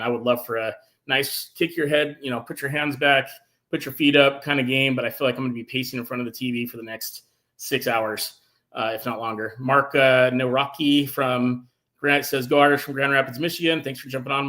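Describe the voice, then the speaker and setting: A man hosting a casual sports talk show, enthusiastic and animated, reading out viewer comments. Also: medium pitch, fairly quick. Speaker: podcast host.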